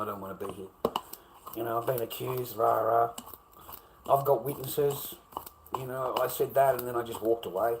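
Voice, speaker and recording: A man's voice: medium pitch, background noise. An Australian man telling a workplace grievance in a blunt, repetitive rant with heavy swearing. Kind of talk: ranting monologue.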